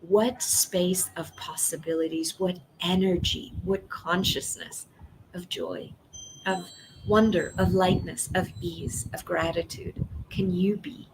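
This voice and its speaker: A middle-aged woman hosting a solo livestream, talking with passion and emphasis, swinging between forceful outbursts and hushed near-whispers. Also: fairly low pitch, steady tone, takes it slowly, a little hiss or hum, low-quality recording. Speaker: livestream host.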